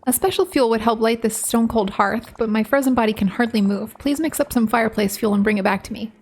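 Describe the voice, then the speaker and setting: A woman's voice: a little high, quick pace, darkish tone, slightly rough. Lumiere, a courtly candelabra, read by a woman. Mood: polite. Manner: reads the on-screen lines in her own voice. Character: courteous male enchanted candelabra servant. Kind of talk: reading game dialogue aloud.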